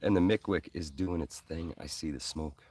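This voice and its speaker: A man's voice: very deep voice, moderate pace, mellow, slightly rough, recorded from a distance. A man from New York's Hudson Valley hosting a live stream, chatting casually and rambling with many ums while answering viewers. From Hudson Valley, New York. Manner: rambling, friendly, many ums and uhs, says man and bro. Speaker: host of a preparedness live stream.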